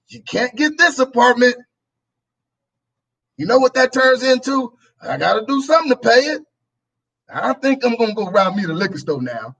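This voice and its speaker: A very high-pitched, somewhat bright male voice comes through poor audio as a talk show host lectures in a political commentary monologue. He repeats himself and performs both sides of the argument.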